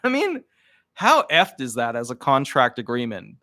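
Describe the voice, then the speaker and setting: A man's voice: mid-range voice, moderate pace, no room sound, studio quality. A man who works as a disability lawyer, giving casual, indignant commentary to the camera. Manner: indignant, animated.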